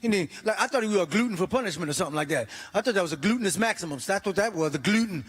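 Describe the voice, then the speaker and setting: Middle-aged male stand-up comic, high pitched and animated, performing in a reverberant hall. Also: rapid-fire, husky. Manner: animated, exclaiming, acting out voices. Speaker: stand-up comedian. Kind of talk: stand-up comedy set. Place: church comedy stage.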